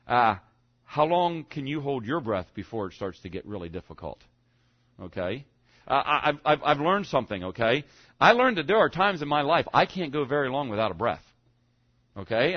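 A man delivers a sermon in a conversational, meandering way, pausing to check in with his listeners and stumbling over restarts. He jumps up for emphasis, then drops into low, quiet asides. His middle-pitched voice comes through a dull, muffled recording with no room echo. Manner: conversational, keeps asking "okay?", stammering restarts. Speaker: pastor.

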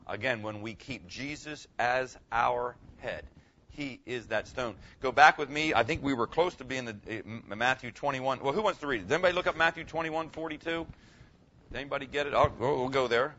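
A man's voice: medium pitch, normal speed, sharp tone. A man preaching a sermon as pastor, emphatic, putting questions to his congregation. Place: room with a congregation. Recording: dull lo-fi recording.

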